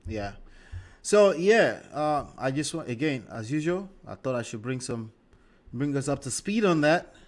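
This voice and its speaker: A man's voice: mid-range voice, very animated, a little slow. Emphatic man hosting a livestream. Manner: emphatic, repeats "okay?" and "right?". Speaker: livestream host. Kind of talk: livestream commentary.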